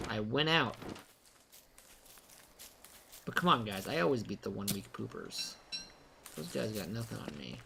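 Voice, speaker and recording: A young man commenting live on his own gameplay, excitable, rambling and poking fun at himself. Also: medium pitch, gravelly, a little hiss or hum. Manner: excitable, rambling, self-mocking. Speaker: game streamer.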